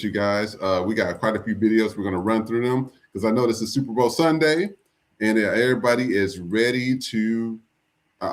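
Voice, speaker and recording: Laid-back man hosting a podcast. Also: fairly low pitch. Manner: loose, chatty, with fillers. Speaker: podcast host.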